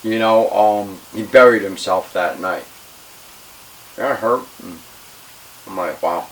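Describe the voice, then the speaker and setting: A man's voice: on the low side, takes it slowly. A man telling a wrestling story in an interview, heated, emphatic and profane. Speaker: retired pro wrestler. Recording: distant mic with faint hiss.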